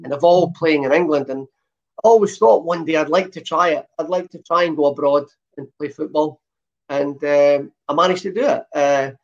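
Here a Scottish former footballer with a softened Glasgow accent is a guest in a laid-back interview, storytelling chattily with plenty of "uh" fillers. His voice sits a little high and moves at a normal speed. The sound quality is dull and lo-fi.

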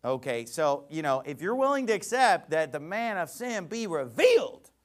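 Male preacher, high voice with wide swings, mocking and emphatic sermon delivery. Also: sing-song, normal speed.

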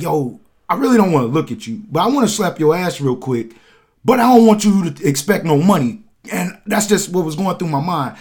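Podcast host, male, laid-back slangy storyteller, slightly high voice. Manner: laid-back slangy anecdote with quoted dialogue. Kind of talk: casual storytelling.

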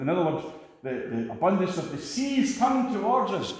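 A man's voice: very animated, moderate pace, echoey room. A man preaching a sermon in a church, emphatic and rousing. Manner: emphatic, rousing, jumps high for stress.

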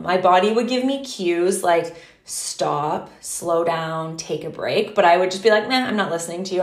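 Speaking at a fairly low pitch in an echoey room, this podcast co-host keeps the conversation casual and animated. She leans on "like" constantly and swears freely.

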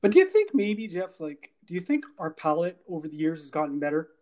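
In a casual chat, a middle-aged podcast co-host riffs about movies, animated and full of asides. He has a fairly high voice for a man and speaks in rapid bursts.

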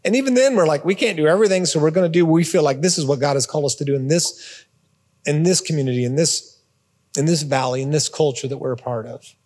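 A man's voice: on the high side, fast, a little mellow, big-room sound. A man giving a conversational sermon as a pastor, repeating words and adding informal asides. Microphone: phone or portable device.

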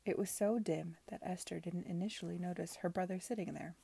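A woman reading a novel aloud in a soft, near-whispered way. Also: fairly low pitch, a little fast, gravelly, breathy edge. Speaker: reader.

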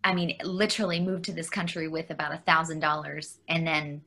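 A woman from Canada, a guest on an interview, telling a personal story candidly, halting with fillers and restarts and laughing often. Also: low voice, flat delivery, pushed and bright.

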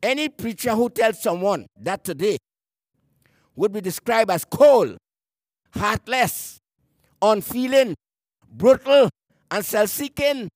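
A man preaching a sermon in a strikingly high voice, recorded dry and close. He is emphatic, lingers on the words he wants stressed, and sometimes repeats a word as he reaches for the next one. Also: lively intonation, dry recording. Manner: emphatic, slowing to stress key words, repeats words mid-phrase; reads scripture aloud in archaic phrasing.

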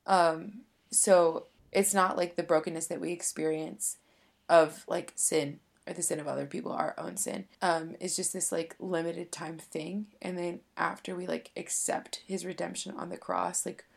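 A woman with a lowish voice and a touch of vocal fry talks through her faith in a casual, searching way. She fills her sentences with "like" as she thinks aloud, co-hosting a chat podcast. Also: fairly even intonation, moderate pace. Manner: chatty and reflective, heavy use of "like". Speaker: podcast co-host.

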